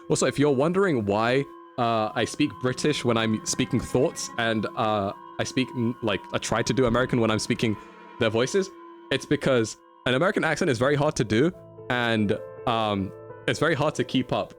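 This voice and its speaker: A man's voice: mid-range voice, moderate pace, faint music behind. A man streaming a video game, chatty and playful, laughing often as he talks to his chat. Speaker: livestreamer.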